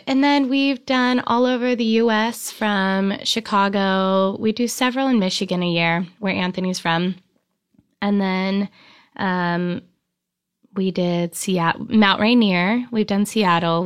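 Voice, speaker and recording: Chatty woman with a smooth, clear voice. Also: medium pitch, fairly even intonation, a little slow, dry recording, studio quality. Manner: chatty, enthusiastic, many ums and likes. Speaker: wedding and travel photographer. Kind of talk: casual interview chat.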